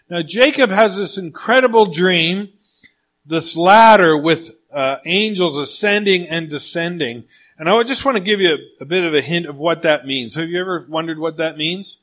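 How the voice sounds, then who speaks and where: Male pastor, sermon, fairly high voice, animated storytelling, shifting pace. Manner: animated storytelling, speeds up and slows down.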